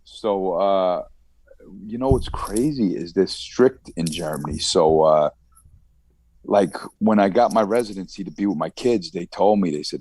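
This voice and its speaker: A man with a Long Island accent talks loosely and at length as a podcast guest. His voice sits very low, and the recording is dry with no room sound. He stumbles over repeated words and laughs between phrases. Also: expressive, unhurried, a little mellow, husky, dry recording. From United States. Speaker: guest rapper. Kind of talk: casual podcast conversation. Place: Germany.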